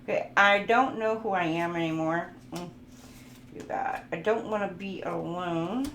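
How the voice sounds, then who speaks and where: A woman whose voice is on the low side yet fairly bright takes her time with a playful, relaxed tarot reading, sometimes getting goofy. Card messages are read aloud to her viewers, recorded with a roomy echo and a little background noise.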